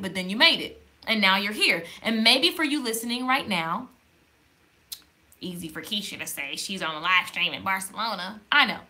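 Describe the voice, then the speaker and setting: A woman hosts a faith-based live stream straight to camera. Her voice sits high and rings bright. She talks in a lively, casual way and stops to greet viewers in the comments. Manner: lively and conversational, reading viewer comments aloud. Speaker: livestream host. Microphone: camera in front of her.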